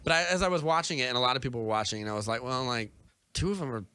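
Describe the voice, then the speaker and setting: A man's voice: mid-range voice, expressive, very fast, bright, forceful tone, smooth, no echo. A young man co-hosting a podcast, chatting casually in a rambling way full of fillers. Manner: rambling, lots of "like" and "or whatever". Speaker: podcast co-host. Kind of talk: casual chat.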